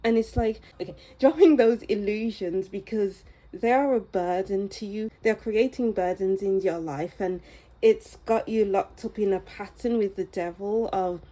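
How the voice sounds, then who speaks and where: A woman giving a pick-a-card tarot reading in a soft, musing, unhurried way that often sinks to a low near-whisper. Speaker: tarot reader.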